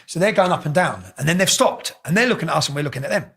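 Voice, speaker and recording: A middle-aged English man telling stories casually as an interview guest, animated and swearing freely. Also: on the high side, rapid-fire, gravelly, breathy edge. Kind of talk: casual storytelling.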